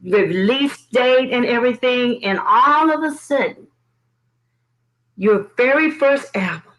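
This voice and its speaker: A woman's voice: on the high side, slow pace, fairly bright tone, poor audio. A woman interviewing a member of her ministry, affirming and praising her, with hesitant fillers. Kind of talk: warm praising interview talk.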